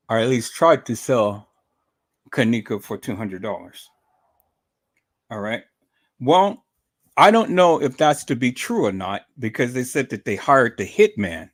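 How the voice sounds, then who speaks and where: A man hosting a commentary live stream, greeting chat viewers by name and often calling his audience "peoples", with many repeated words. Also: medium pitch. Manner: repetitive, addresses viewers as "peoples".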